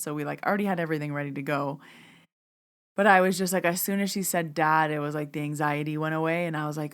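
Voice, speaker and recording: A woman's voice: low voice, fairly even intonation, fast talker, smooth. A woman podcast host who works as a medium tells a story in a casual, chatty way, filling her talk with "like" and acting out her own thoughts. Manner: chatty, frequent "like" fillers, acts out her inner thoughts.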